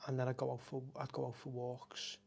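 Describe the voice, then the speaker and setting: A middle-aged man talks openly as a podcast guest. His voice has a gravelly, fry-edged texture, and he speaks sits at an ordinary pitch for a man. He is raw and unguarded, swearing freely and stopping to restart his thoughts. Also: completely flat delivery, a little mellow. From Liverpool, England. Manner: raw and emotional, frequent swearing, halting restarts. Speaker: café owner, podcast guest. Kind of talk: candid conversational storytelling.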